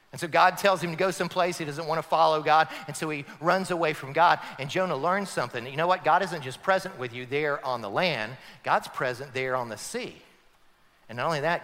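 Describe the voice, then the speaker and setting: A man preaching a sermon as pastor, talking straight to his congregation and getting them to respond. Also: a little high. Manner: animated, leads the congregation in call-and-response. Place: church sanctuary. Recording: long hall reverb.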